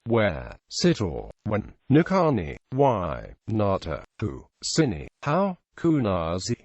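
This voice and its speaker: A man's voice: on the low side, no echo. A man's voice reading a grammar article aloud, working steadily through word lists and example phrases. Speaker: narrator.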